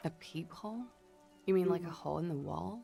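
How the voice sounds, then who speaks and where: A woman's voice: fairly low pitch, fairly quick, creaky, warm tone, soft background music. An actress voicing a wary, guarded young woman in video game dialogue who asks clipped questions.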